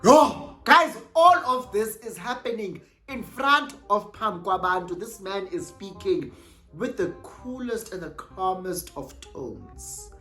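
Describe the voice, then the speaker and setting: A young South African woman telling a storytime vlog, animated and exclamatory, switching freely between languages. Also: medium pitch, slow, faint music behind. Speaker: YouTuber.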